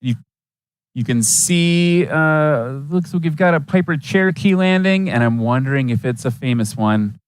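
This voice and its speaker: A man's voice: on the high side, expressive, normal speed, clear, resonant tone, dry recording. A man from Wisconsin giving chatty, enthusiastic live commentary at an aviation competition, with folksy asides. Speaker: event commentator.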